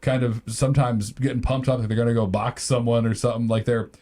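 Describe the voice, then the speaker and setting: A man's voice: mid-range voice, little pitch movement, fast, dark tone. A man with a middling voice co-hosts a podcast. He improvises a story in a rambling way, full of fillers. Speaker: podcast co-host.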